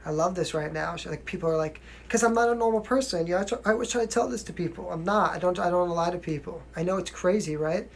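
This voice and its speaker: On a livestream, a young New York man who sings answers viewer questions in a casual chat, his mild New York accent and high-sitting voice coming through. He laughs a lot and keeps asking "you know what I mean."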